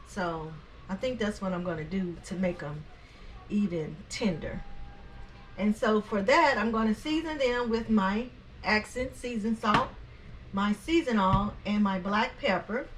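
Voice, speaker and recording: A woman's voice: medium pitch, a little hiss or hum. A woman hosting her home cooking channel, chatty and homey, with many fillers and restarts as she walks through a recipe in her kitchen. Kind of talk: casual home cooking tutorial.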